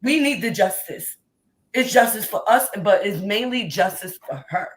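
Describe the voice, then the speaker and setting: A woman in her thirties calls into a live show over a remote line. Her voice sits at an ordinary middle pitch, and she talks in an impassioned, rambling way, circling back and restarting her sentences again and again. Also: lively intonation, normal speed, poor audio. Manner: rambling, emphatic, many restarts. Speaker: caller on a live stream. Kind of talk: impassioned call-in commentary. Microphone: remote call.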